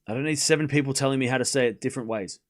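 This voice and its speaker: A man's voice: medium pitch, very fast. An Australian man hosting a live tennis watchalong, chatting casually and replying to his chat. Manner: playful, repeats words, responds to chat. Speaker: livestream host.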